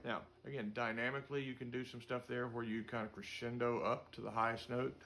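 A man's voice: medium pitch, level tone, brisk, a bit bright. A middle-aged man teaching a music lesson in a casual way, singing note syllables to show how passages should sound. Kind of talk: instrument lesson.

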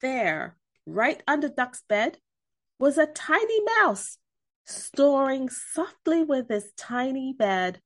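Slow, lively bedtime-story reader, a woman. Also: sits high. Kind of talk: reading a picture book aloud to children.

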